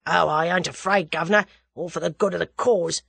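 A woman reading aloud, voicing a rough, hoarse thug relishing violence. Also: lowish voice, steady tone, a little fast, a bit bright, no room sound, full character voice. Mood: grim relish.

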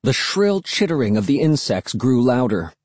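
A man reads a first-person children's story with an animated, rising and falling delivery. His tone is mellow and a bit husky. The recording is dry and close, with no room sound. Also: medium pitch, normal speed, no echo. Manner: expressive, animated. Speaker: audiobook narrator. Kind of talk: scripted first-person narration.

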